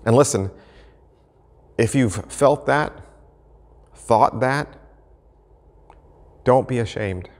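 A man's voice: mid-range voice, extremely slow, pauses often. Earnest male pastor preaching in a hall. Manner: earnest, animated, acts out the voices of people asking questions. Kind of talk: sermon.

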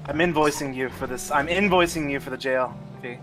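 A man's voice: fairly high pitch, brisk, music in the background. A man voicing his character in a roleplay game, exasperated and ranting at his crew over voice chat. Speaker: roleplay player.

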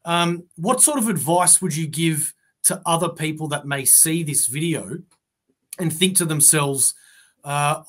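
A man's voice: fairly high pitch, a little slow, a bit bright. A man hosting an interview show, asking rambling, friendly questions with restarts. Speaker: podcast host. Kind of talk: casual interview chat.

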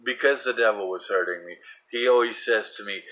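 A middle-aged man giving a fervent religious monologue, repeating himself and swinging from soft prayer to loud, urgent testimony. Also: lowish voice, a little fast, few pauses, rough recording. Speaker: Christian vlogger.

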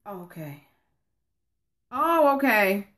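Chatty coach lady on a live stream, slow unhurried talk, calls everyone honey. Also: medium pitch, big pitch swings. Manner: chatty, calls viewers honey, reads comments aloud. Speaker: online course coach. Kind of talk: casual live-stream chat.

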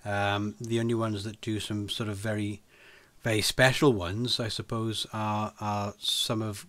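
A man's voice: lowish voice, flat delivery, unhurried, fairly bright tone, dry recording. A man co-hosting a casual podcast chat, laughing often and repeating words as he thinks. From United Kingdom. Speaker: podcast co-host.

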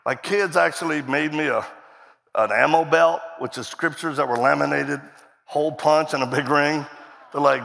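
A man's voice: a little high, moderate pace, creaky, fairly bright tone, a little hiss or hum. A man telling a self-mocking, joke-filled story as a guest speaker in a church sermon, acting out the voices of people he quotes. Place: church stage before a congregation. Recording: long hall reverb from a stage.

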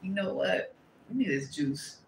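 A woman reading tarot to camera, blunt and profane, breaking into loud exclamations and dropping to quieter asides. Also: lowish voice, animated, a little slow, roomy sound, a little hiss or hum, low-quality recording. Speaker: tarot reader.

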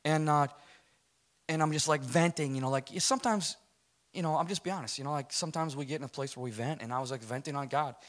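Speaking fast in a voice on the high side, a man shares his personal testimony with a church audience. He's animated and emphatic, keeps things loose and conversational, and repeatedly checks in with "right?"

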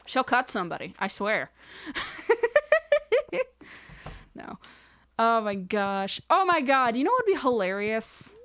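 A woman's voice: fairly high pitch, big pitch swings, takes it slowly, long pauses, fairly bright tone, no room sound, studio quality. A young woman hosting a let's play, rambling casually as she plays, counting aloud and drifting into whispered asides. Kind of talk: casual gameplay commentary.

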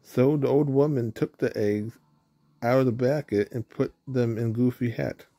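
A man reading a children's storybook aloud, steady with small slips. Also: mid-range voice, unhurried. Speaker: storybook reader.

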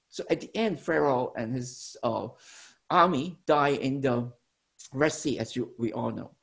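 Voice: medium pitch, a little slow, vocal fry. A preacher giving a teaching sermon, explaining step by step to a congregation and often restarting and correcting phrases mid-sentence.

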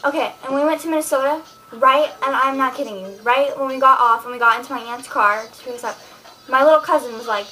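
Brief: teen girl vlogger, high and bright voice, rambling, exasperated chat. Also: quick pace, poor audio. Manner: rambling, chatty, exasperated storytelling. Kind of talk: casual chat to camera.

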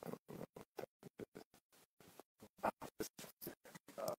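A man's voice: slow pace, a little hiss or hum. A man hosting a casual late-night livestream from a phone at home, rambling with laughs and apologies. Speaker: livestream host.

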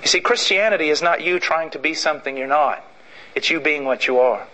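A male preacher delivers a sermon with a high, bright, forceful voice. He hammers his points through repetition and acts out little stories. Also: fairly quick, low-quality recording. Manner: emphatic and repetitive, acting out stories.

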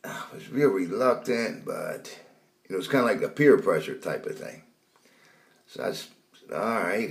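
A man tells a dream as a rambling testimony, repeating words and raising his voice for retold shouts. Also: medium pitch. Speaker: preacher telling a dream. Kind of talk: storytelling testimony.

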